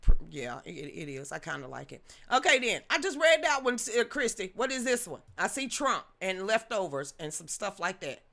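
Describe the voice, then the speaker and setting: A bright, forceful woman's voice rants bluntly at her viewers, full of slang, mild cursing and sass. She hosts a casual live-stream, reading chat comments and firing back. Her talk is loose and conversational, and she presses hard on each point. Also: mid-range voice, big pitch swings, moderate pace, vocal fry, few pauses. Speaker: host of a live-streamed news commentary show.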